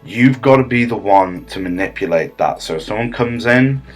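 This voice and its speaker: A man's voice: fairly low pitch, expressive, normal speed, faint music behind. A man delivering a comedy monologue as a smug, self-important improv teacher, rambling with many fillers and restarts.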